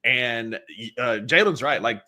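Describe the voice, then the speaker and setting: A man's voice: mid-range voice, a little slow, sharp tone. A man co-hosting a casual sports podcast, cracking jokes and breaking down games with emphasis. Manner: wisecracking, then emphatic analysis. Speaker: podcast co-host.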